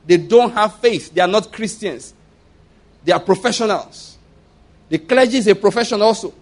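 Casting: male pastor, high voice, emphatic and repetitive sermon delivery. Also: moderate pace. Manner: emphatic, repetitive, rhetorical questions.

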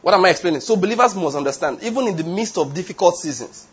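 Husky preacher, lo-fi sound. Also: male voice, a little high, animated, fast, few pauses. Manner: emphatic, rhetorical questions, wanders into tangents. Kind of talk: sermon. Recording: dull lo-fi sound.

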